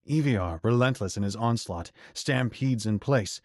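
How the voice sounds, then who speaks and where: A man narrating a fantasy audiobook in a measured, even storytelling voice. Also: lowish voice, no room sound, studio quality.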